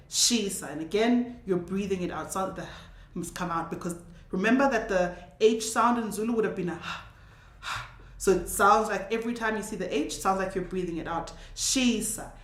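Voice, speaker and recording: Patient woman teaching pronunciation, echoey room. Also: medium pitch. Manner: patient, repeats words slowly to model sounds. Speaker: language teacher. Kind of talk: casual spoken language lesson.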